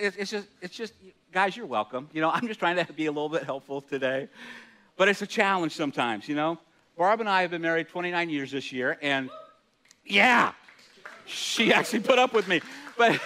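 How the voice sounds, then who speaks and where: A man's voice: fairly high pitch, pushed and bright. A middle-aged man preaching a sermon as pastor, chatty and self-deprecating, laughing often and restarting his words. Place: church hall.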